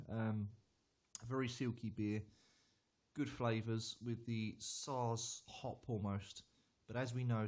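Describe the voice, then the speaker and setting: A man's voice: fairly low pitch, darkish tone. A man reviewing a beer on a live stream, chatty and hesitant, often repeating words as he answers viewers.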